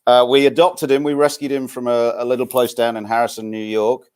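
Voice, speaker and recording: A middle-aged man with an English accent, worn a little by years abroad, talks in a relaxed, conversational way. He explains things with a dry wit, at a middle pitch. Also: a little fast, smooth. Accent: English, softened by long life abroad. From England. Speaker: tax expert guest. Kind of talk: conversational interview answers.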